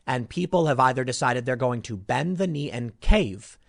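A man delivering opinionated commentary, sarcastic and mocking, swinging between loud outbursts and muttered asides. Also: mid-range voice, animated, normal speed, creaky, dry recording, studio quality.

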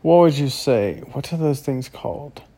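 A man's voice: medium pitch, animated, normal speed, dark tone. A man talking to camera in a casual monologue, rambling and often stopping to search for words. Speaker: vlogger.

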